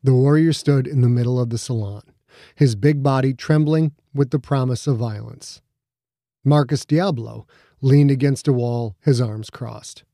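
A man reading an audiobook in a steady, measured storytelling voice on a close studio mic. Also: medium pitch, dry recording. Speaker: audiobook narrator. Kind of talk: scripted narration.

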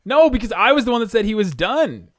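A man's voice: high-pitched, sing-song, fast talker, a crowd in the background. A man co-hosting a casual sports podcast, chatty and playfully argumentative. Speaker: podcast co-host.

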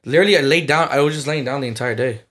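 Fast-talking man in hesitant chat. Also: mid-range voice, a bit bright. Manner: rambling, hesitant restarts. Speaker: podcast host. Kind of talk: casual chat.

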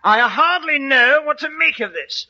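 A man's voice: very high voice, lively intonation, normal speed, bright, forceful tone, voice pushed up, full character voice. A man playing a pompous, bumbling British police inspector in a 1940s radio comedy sketch, on a muffled old broadcast recording. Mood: smug. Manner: bumbling, self-satisfied, theatrical.

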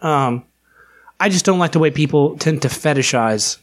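A man with a slightly raised pitch talks casually and crudely. He rambles through his points and keeps restarting his sentences, swearing freely. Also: expressive, moderate pace. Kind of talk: casual chat.

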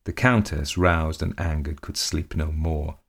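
A man narrating a period ghost story in a measured, dramatic way. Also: extremely low pitch, creaky.

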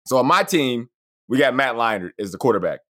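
Male podcast co-host, middle pitch, animated storyteller who acts out dialogue. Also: fairly quick. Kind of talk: casual chat.

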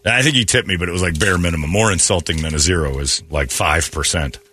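A man hosting a morning radio show, telling animated stories and acting out the people in them in a casual, joking way. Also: sits low, quick pace. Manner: animated storytelling with laughs and acted-out quotes.

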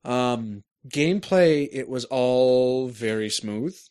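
A man's voice: mid-range voice, animated, takes it slowly, a little mellow, clean tone. A man in casual chat, describing a game at length and searching for words. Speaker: podcast co-host reviewing a game.

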